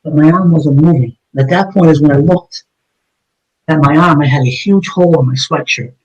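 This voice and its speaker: A middle-aged retired detective from Massachusetts tells his story as an interview guest, blunt, intense, and swearing often. His voice is on the high side, moderately paced, and darkish, on a muffled recording.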